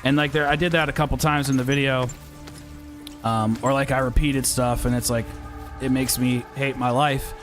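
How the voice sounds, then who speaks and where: A man's voice: medium pitch, steady tone, moderate pace. A man streaming a video game, chatting casually with a rambling, self-deprecating manner. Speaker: gaming streamer and YouTuber. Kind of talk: casual livestream chat while playing. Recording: loud game music under the voice. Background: game music and sound effects.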